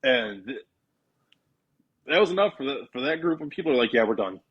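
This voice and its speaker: A man's voice: a little high, fairly quick, slightly rough, lo-fi sound. A man casually telling a long story on a podcast, acting out what he and his friends said. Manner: animated storyteller, acting out his own quotes. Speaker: podcast guest.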